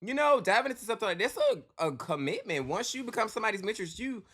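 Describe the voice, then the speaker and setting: Animated man reacting to a show. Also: high voice, fast talker, slightly rough. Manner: animated, colloquial, laughing asides. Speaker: reaction video host. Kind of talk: casual reaction commentary.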